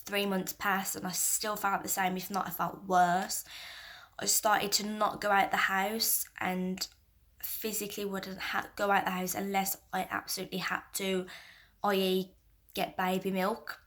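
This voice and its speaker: A young woman in her twenties, a mother talking candidly to camera, soft-spoken and halting with many restarts, close to tears at times. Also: medium pitch, flat delivery. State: emotional, near tears at times. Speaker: mother and vlogger. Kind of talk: candid personal talk to camera.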